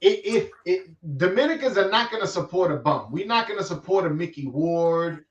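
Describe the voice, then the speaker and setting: Fields: Sex: man. Style: animated street-talk boxing chat. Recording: roomy, distant, lo-fi. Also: high-pitched, moderate pace. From New York. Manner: animated, streetwise slang, frequent restarts. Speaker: boxing vlogger host. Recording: roomy, distant, dull lo-fi sound.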